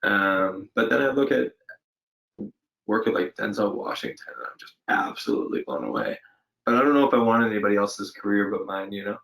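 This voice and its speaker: An actor guest with a fairly low, fairly bright voice and vocal fry answers slowly and reflectively in a casual video-call interview, recorded on a home setup during lockdown. Expressive yet thoughtful and hesitant, he restarts sentences and fills pauses with "um", and the audio is poor.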